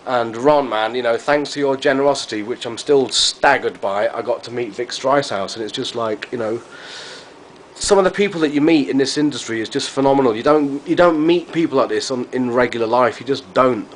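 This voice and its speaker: A man's voice: medium pitch, a little fast, a little hiss or hum. A man chatting to camera in a rambling, effusive vlog, repeating himself as he goes. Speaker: vlogger. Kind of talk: casual chat to camera.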